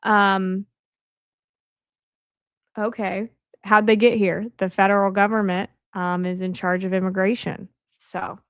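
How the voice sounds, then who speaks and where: A woman's voice: mid-range voice, flat delivery, a little slow, pauses often, a bit bright, clean tone, dry recording, clean studio sound. A woman hosting her video from home, talking casually through slides with lots of fillers and asides, her voice strained and worn. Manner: conversational, with frequent fillers and asides. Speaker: video host. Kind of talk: casual commentary over on-screen slides. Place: at home, at night. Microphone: camera mic at a desk.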